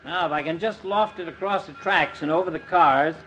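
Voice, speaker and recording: An actor playing a pompous, hot-tempered doctor on the golf course, in 1940s radio comedy. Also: male voice, a little high, brisk, bright, forceful tone, lo-fi sound, faint music behind. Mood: blustering. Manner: blustering, grand.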